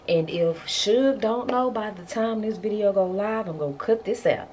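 Woman in her thirties, chatty and emotional, dark mellow tone, faint hiss. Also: medium pitch, normal speed, few pauses. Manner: emotional, chatty, addresses viewers as y'all. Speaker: vlogger, mother. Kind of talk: casual vlog to camera.

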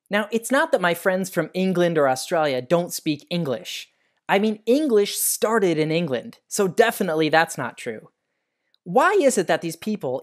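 An American man hosting a science lesson for kids, telling stories in a friendly, animated way. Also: sits high. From United States. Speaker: educational show host.

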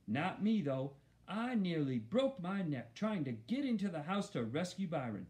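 A man narrating a children's novel in an expressive first-person storytelling voice. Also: on the high side, moderate pace. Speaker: audiobook narrator.

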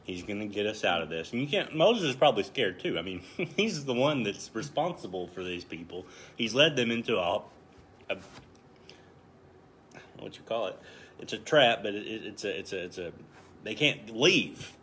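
A man in his thirties teaching a Bible passage in a relaxed, conversational way, joking at his own expense. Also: fairly low pitch, moderate pace, slight background noise. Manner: conversational, self-deprecating, chuckles often. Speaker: Bible study leader. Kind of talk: casual Bible study teaching.

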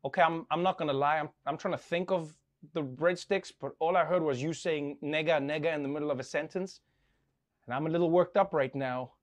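A man's voice: on the high side, a little fast. A man hosting a comedic late-night segment, wry and playfully flustered, stammering in the banter. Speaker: host.

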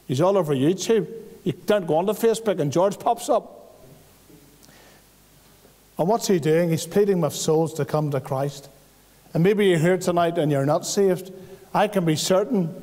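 A man's voice: fairly high pitch, darkish tone. A man with a Northern Irish accent preaching an evangelistic testimony in church, earnest and pleading, with homely everyday examples. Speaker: visiting preacher. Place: church hall. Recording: long church reverb.

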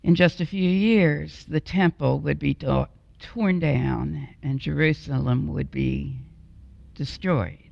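A woman preaching a storytelling sermon in a slow, expressive way, acting out the voices in her story. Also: deep voice, creaky, no room sound, long reverb tail. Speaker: guest preacher. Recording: dull, lo-fi and dry.

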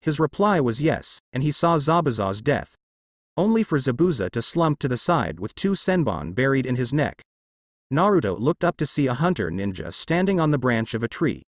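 A man narrating a fanfiction story in a steady storytelling read. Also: mid-range voice, moderate pace, no echo. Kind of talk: fanfiction reading.

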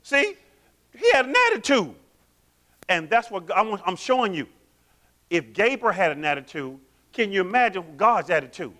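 Man, pastor, sermon, bright forceful tone, call-and-response questions. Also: high-pitched, normal speed, pauses often. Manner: animated, quizzes the congregation with call-and-response questions.

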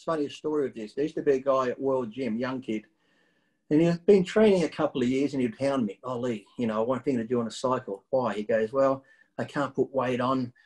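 A man's voice: mid-range voice, brisk, rough recording. A middle-aged man telling a story in casual conversation, blunt and swearing freely as he recounts it. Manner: blunt, profane, animated storyteller. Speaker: guest bodybuilder.

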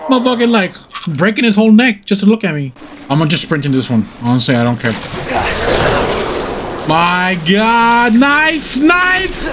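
Excitable high-voiced man gaming. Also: moderate pace, pauses often, background noise. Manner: excitable, swears constantly, yelps and laughs when startled. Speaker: gaming channel host. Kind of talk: live let's-play commentary.

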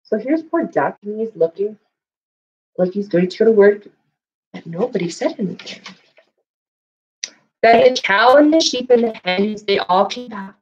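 A woman's voice: medium pitch, a little mellow, husky, lo-fi sound. Sing-song woman reading to children. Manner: sing-song storytelling, asks children questions. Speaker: children's librarian. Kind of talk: storytime read-aloud and craft lesson. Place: library, indoors.

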